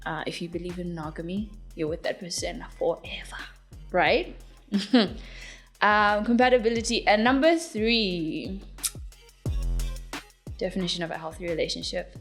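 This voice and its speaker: This interview features a young woman from Zimbabwe, a singer-songwriter whose voice sits on the low side. She answers in a giggly, talkative manner packed with fillers.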